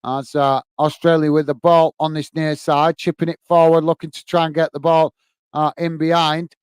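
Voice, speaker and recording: Excitable high-voiced male football fan. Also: moderate pace, smooth, no echo. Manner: excitable commentary, reading out chat comments. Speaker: fan watch-along host. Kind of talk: live match commentary and chat with viewers.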